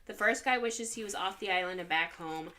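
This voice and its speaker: Bright-voiced woman reading jokes aloud. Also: medium pitch, brisk, slight background noise. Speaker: podcast co-host.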